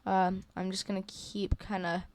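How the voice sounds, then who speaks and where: Young woman, tutorial voice-over, smooth clear tone, dry close sound, casual, lots of ums. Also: medium pitch, flat delivery, normal speed, darkish tone, no room sound. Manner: casual, hesitant, many fillers and self-corrections. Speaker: tutorial creator. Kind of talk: screen-recorded software tutorial.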